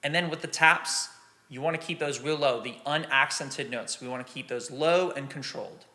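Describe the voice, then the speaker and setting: A man's voice: mid-range voice, normal speed, noisy background. A man explaining drum exercises patiently and counting beats aloud as a teacher. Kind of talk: instructional drum lesson.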